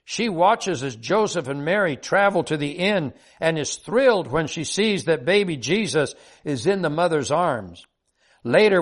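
An older man with a notably high voice tells a heartfelt devotional story in an earnest, sincere way. He reads it at a steady pace with deep feeling. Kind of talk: devotional personal story reading.

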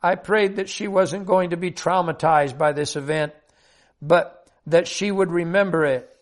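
An older man with a notably high voice tells a heartfelt devotional story in an earnest, sincere way. He reads it at a steady pace with deep feeling. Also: a little slow. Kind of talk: devotional personal story reading.

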